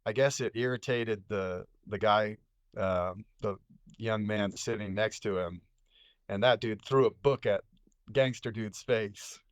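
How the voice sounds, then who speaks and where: A man's voice: on the low side, measured pace, no echo. A man, a psychiatric nurse, telling a story as a podcast guest in a laid-back, slangy way with lots of fillers. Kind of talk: casual storytelling.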